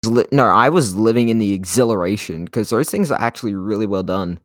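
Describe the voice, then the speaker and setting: A man's voice: on the low side, a little fast, no room sound. Man, laid-back, casual film chat, says dude a lot, dry close sound. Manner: laid-back, keeps saying dude and you know. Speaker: podcast co-host.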